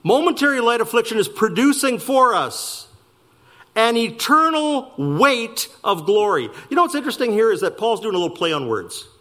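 A man preaching a sermon, slowing down to stress key words and speeding through asides. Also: extremely high pitch. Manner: animated preaching, slowing for emphasis and rushing asides. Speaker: pastor.

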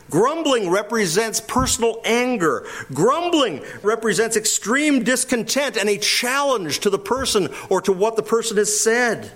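A man's voice: high voice, sing-song, a little slow, few pauses, fairly bright tone. A man preaching an expository sermon, emphatic and full of rhetorical questions. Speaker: pastor.

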